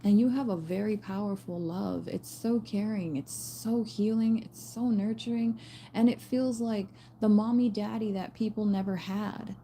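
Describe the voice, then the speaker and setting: A woman talks straight to her viewers in a loose spiritual message, blunt and fired up, dropping slang and swear words. Her voice is mellow and warm rather than bright. There is a faint hiss of noise behind her. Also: mid-range voice, steady tone, normal speed. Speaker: spiritual reader.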